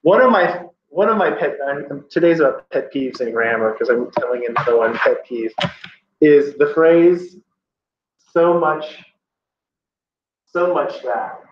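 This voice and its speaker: A man's voice: medium pitch, expressive, moderate pace. Emphatic man teaching in an echoey room. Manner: emphatic, opinionated, explains with examples. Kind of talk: classroom teaching. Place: classroom. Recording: echoey room from far off, dull.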